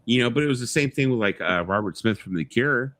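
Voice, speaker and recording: A man's voice: mid-range voice, expressive, fast talker, fairly bright tone, dry recording. A man hosting a casual livestream chat, rambling and filling his talk with "like" and "you know.". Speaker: livestream host. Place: home music stream.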